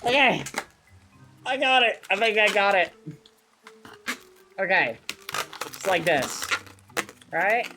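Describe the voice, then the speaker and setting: A man's voice: high voice, expressive, slow pace, long pauses. A man livestreaming and chatting casually, fretting nervously and cursing mildly with "fudge". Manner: fretful, nervous, swears softly with "fudge". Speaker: streamer. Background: background music.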